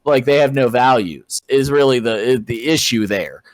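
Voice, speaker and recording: A man's voice: mid-range voice, normal speed, no room sound, poor audio. Hesitant man stumbling over his words. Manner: hesitant, repeats and restarts words. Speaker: podcast co-host. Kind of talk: casual debate chat.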